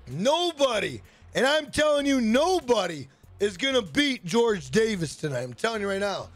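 A man with a strikingly high voice chats on his livestream, cursing freely as he rambles through stories and shouts out viewers. His voice sounds dry and close, with faint music playing underneath. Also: sing-song, a little slow, no echo. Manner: profane, rambling storyteller greeting chat by name. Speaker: livestream host. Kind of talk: casual livestream chat.

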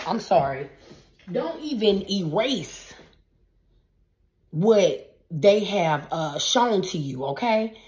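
A woman tarot reader giving a spiritual pep talk to her viewers in a casual, emphatic, repetitive style with a preacher-like cadence. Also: mid-range voice. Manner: casual, addresses viewers as y'all.

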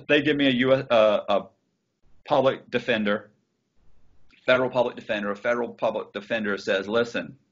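Guy telling a story on a call, husky voice, dull muffled audio, swears a lot. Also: mid-range voice. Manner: swearing, restarts, quoting others in his telling. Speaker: interview guest. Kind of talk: casual storytelling.

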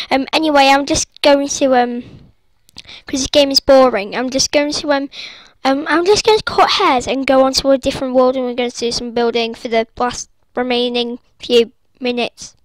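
High-voiced giggly woman rambling over gameplay. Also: normal speed, no room sound. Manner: giggly and scatterbrained, breaks into silly singing and squeals. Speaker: gaming video host.

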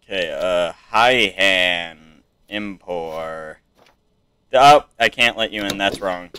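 Low, sharp-toned and slow, this young man's voice comes with slight background noise. He's a gameplay streamer doing casual let's play commentary, chatting away, reading in-game text aloud and putting on silly accents.

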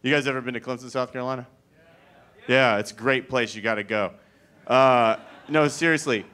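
A man's voice: medium pitch, brisk, bright, forceful tone, clear, resonant tone. A man doing a stand-up comedy set, talking in a rambling, conversational way that is wry and profane. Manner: rambling, conversational, filler-heavy.

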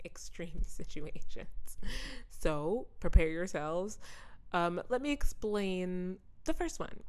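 A young adult woman hosting a podcast, telling a story in an animated, chatty way and talking straight to her listeners. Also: lowish voice. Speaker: podcast host. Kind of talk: casual storytelling monologue.

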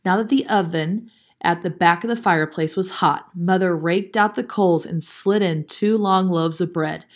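A woman reading a chapter book aloud as a storyteller, narrating steadily and clearly. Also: on the low side, moderate pace.

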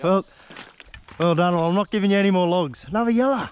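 Excitable Australian man fishing outdoors. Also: sits high, quick pace, slight background noise. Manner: excitable, laughing banter with a mate. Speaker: fishing vlogger. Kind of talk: casual chat while fishing. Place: outdoors on a river.

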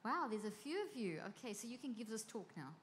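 A woman's voice: fairly high pitch, big pitch swings, fairly quick. A woman who is a cognitive neuroscientist giving an enthusiastic conference talk on stage. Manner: bubbly, enthusiastic. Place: large conference hall with audience. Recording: long hall reverb, faint crowd noise.

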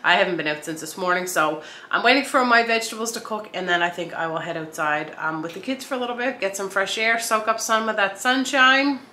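A woman's voice: medium pitch, fairly quick, hardly any pauses, a little hiss or hum. Chatty woman in an echoey kitchen. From Eastern Canada. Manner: chatty, relaxed, with frequent ums. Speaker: vlogger, stay-at-home mom. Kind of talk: casual vlog narration. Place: home kitchen. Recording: echoey room, faint ambience.

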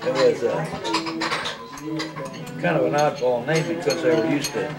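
At a home dining table during a meal, an older man tells folksy, rambling stories, acting out the voices of the people in them. His mid-range voice moves at normal speed over loud music, picked up by a distant mic amid clinking cutlery, dishes and other people.

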